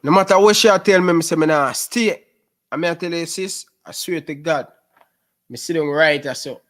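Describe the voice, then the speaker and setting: Man in his twenties, Jamaican Patois accent, fairly high voice, lively storyteller, casual interview guest. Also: normal speed. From Rema, Jamaica. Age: 20s. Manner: lively storyteller who keeps calling the host "sis".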